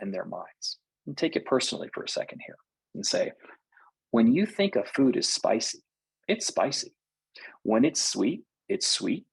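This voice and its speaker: Gravelly, husky man giving a lively talk. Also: lowish voice, dry recording, rough recording. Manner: lively, acts out quoted reactions. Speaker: cultural intelligence speaker. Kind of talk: webinar talk.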